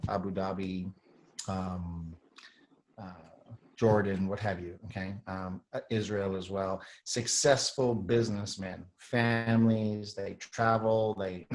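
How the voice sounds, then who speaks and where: A low-voiced man rambling with throat clearing. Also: poor audio. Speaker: host. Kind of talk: casual monologue.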